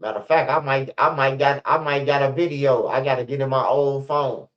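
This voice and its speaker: A middle-aged man with a Chicago accent rambles through street stories, loose and profane. His pitch sits in an ordinary middle range. The recording is slightly muffled and lo-fi. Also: steady tone, brisk. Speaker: storyteller. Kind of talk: casual storytelling monologue.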